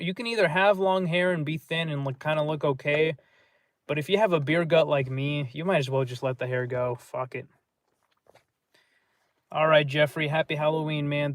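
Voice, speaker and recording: A man talks on his livestream in a rambling, gloomy way, swearing often as he answers chat. His voice sits somewhat high for a man. The sound is dry and close, with no room echo. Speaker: livestream host.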